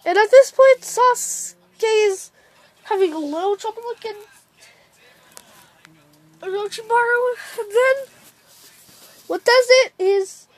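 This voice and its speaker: A woman's voice: very high voice, slow, long pauses. A woman casually retelling a fan story in a rambling way, full of "like" and restarts.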